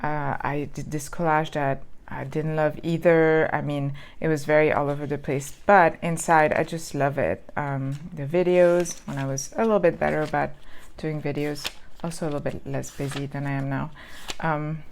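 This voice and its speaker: A woman's voice: low-pitched, level tone, normal speed, few pauses, a little hiss or hum. A woman chatting casually as she flips through old planners, rambling with lots of ums and restarts. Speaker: planner vlogger. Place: lives in Southern California.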